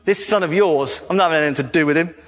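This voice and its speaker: A man's voice: on the high side, rapid-fire, a bit bright, pitched below the performer's own voice, close to an everyday voice. A man voicing a resentful, sulking older brother who complains indignantly, in a reverberant hall. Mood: aggrieved.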